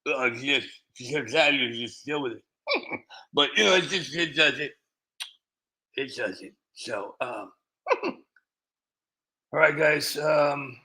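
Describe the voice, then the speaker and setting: Bright and forceful in tone, this mid-range male voice is captured on a rough recording. The speaker hosts a casual livestream while tipsy from wine, laughing often and joking and rambling as he reads viewers' names.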